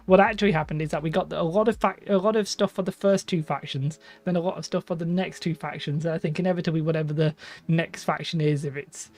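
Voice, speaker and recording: A man's voice: a little high, steady tone, fast, darkish tone. A young man streaming live from his hobby room, chatting in a rambling, casual way and often breaking off mid-sentence. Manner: rambling, chatty, self-interrupting. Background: faint background music.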